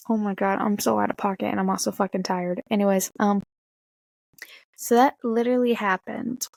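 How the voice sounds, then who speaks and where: A young woman casually telling an excited, swear-filled story, jumping high in pitch when she quotes herself. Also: creaky, no room sound. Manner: excited, swearing, talks fast with big pitch jumps when quoting. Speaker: vlogger.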